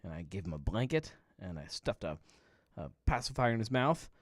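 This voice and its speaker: A laid-back man in his thirties chats casually from home as host of a live happy-hour show. His voice sits fairly low, and the sound is close and dry with no room echo. He rambles easily and chuckles often. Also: big pitch swings, a little fast. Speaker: podcast host. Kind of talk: casual live-stream chat.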